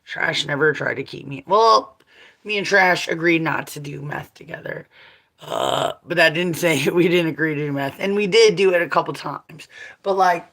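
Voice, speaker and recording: Bright-voiced foul-mouthed woman in her forties. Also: deep voice. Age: 40s. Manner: profane, blunt, laughs often. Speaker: vlogger. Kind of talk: casual rambling monologue.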